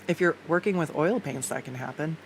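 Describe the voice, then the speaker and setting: Drawing live on stream, a deep-voiced woman talks casually at a moderate pace, rambling with plenty of fillers, restarts and a swear now and then. Her home setup uses a desktop USB condenser mic, and a little background noise comes through.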